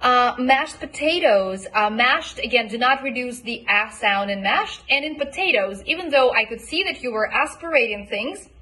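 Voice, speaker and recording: Woman coach, bright tone, fairly high voice, encouraging feedback, repeats words to demonstrate. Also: lively intonation. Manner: encouraging, models pronunciation by repeating words slowly. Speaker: accent coach. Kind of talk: recorded homework feedback.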